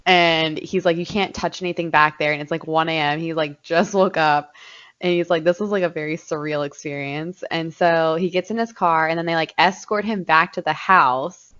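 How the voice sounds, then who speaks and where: A woman's voice: sits low, fairly even intonation, normal speed, fairly bright tone. A young woman co-hosting a podcast, telling a story in casual, profane chat and laughing often. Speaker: podcast co-host. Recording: dull lo-fi podcast audio.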